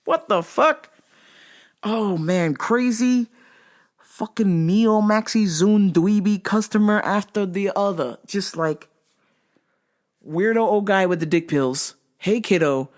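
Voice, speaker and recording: A woman's voice: medium pitch, slow, a little mellow. A woman hosting a show, telling work stories in a casual, exasperated, heavily profane way. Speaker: host. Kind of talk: casual comedic storytelling.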